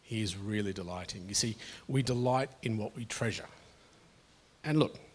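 A man's voice: lowish voice, moderate pace, slight background noise. A middle-aged man preaching a sermon to his congregation in an earnest, conversational way, often restarting his phrases. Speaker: pastor.

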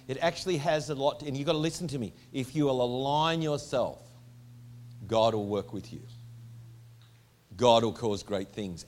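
A man preaching a sermon to a congregation in a church, emphatic and driving home his points with repeated rhetorical questions. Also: mid-range voice. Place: church hall before a congregation.

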